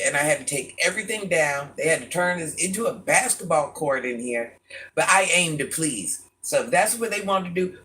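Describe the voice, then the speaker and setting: An older woman with a deep, gravelly voice, chatting bluntly with her live-stream viewers from a room in her home and calling them baby and hon. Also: fairly bright tone. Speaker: vlogger reading live chat. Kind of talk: casual live-stream chat.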